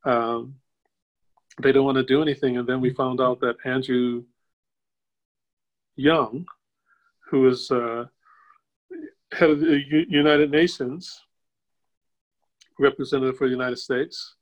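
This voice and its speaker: An older man, a guest on a video call, tells a personal story in a casual way. He acts out the quoted voices with sudden jumps up in pitch and chuckles as he goes. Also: steady tone, slow, long pauses, poor audio. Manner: chuckles while telling. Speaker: interview guest.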